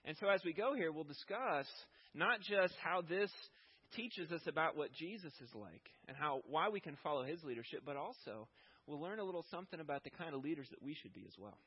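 A man preaching a conversational sermon, rising in pitch and force as he makes his points. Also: expressive, a little fast, slightly rough, muffled recording. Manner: conversational preaching, rising with emphasis when voicing God. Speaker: pastor.

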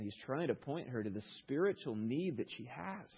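A male pastor preaching a sermon, retelling a story in an animated way with rhetorical questions. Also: medium pitch, brisk, gravelly, husky, lo-fi sound.

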